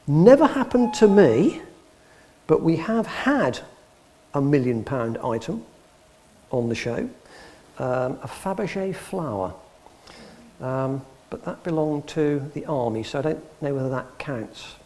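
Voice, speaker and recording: English man, middle-aged, guest speaker, dry humour, acts out dialogue, slightly high voice, very lively pitch. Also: slow. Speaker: guest speaker, antiques expert. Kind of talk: anecdotal talk to a live audience. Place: public hall.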